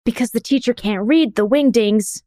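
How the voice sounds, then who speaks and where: A woman's voice: fairly high pitch, moderate pace, warm tone, dry recording. Playful young woman with a dry, close sound. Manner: playful, teasing banter. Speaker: podcast co-host. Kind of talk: casual chat.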